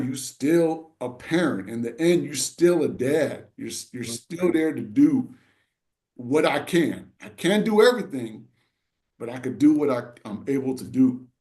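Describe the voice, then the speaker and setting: A man's voice: medium pitch, dark tone. Middle-aged man telling a heartfelt story. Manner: rambling, full of "you know" and "right". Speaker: podcast co-host. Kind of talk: casual podcast chat.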